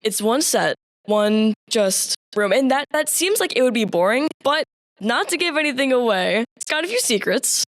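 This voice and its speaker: A woman's voice: fairly high pitch, animated, normal speed, no echo. Chatty teen girl, dry sound. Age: teens. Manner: chatty, giggly, lots of fillers. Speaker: high school theater student guest. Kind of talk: casual interview chat.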